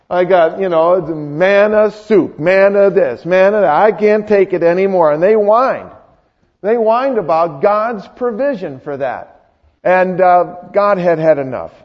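A male pastor with a high voice preaches casually and keeps asking his congregation questions. His voice rings through a long hall, and the recording sounds dull and lo-fi. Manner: conversational, quizzes the congregation. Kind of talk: sermon.

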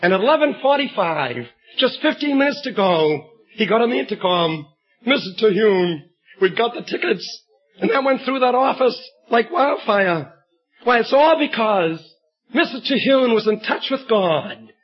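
A man preaching a sermon, telling an illustrative story and reading scripture with emphatic storytelling and bursts of shouted emphasis, on a dull lo-fi recording. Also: very high voice, big pitch swings, moderate pace, breathy edge.

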